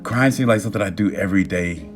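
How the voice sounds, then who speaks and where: A man hosting a casual live stream from home on his phone, reading comments aloud and talking warmly about love and manifesting, with excited bursts and stumbling restarts. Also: deep voice, quick pace. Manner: warm, affirming, talks about love and manifesting. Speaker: TikTok live host. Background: soft music playing.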